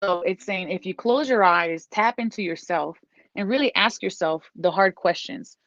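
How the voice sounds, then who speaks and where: A woman's voice: on the low side, moderate pace, fairly bright tone, no echo. A woman giving a casual tarot reading. She is encouraging and repeats herself, and now and then she breaks off to scold her dog. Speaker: tarot reader. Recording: dull lo-fi dry recording.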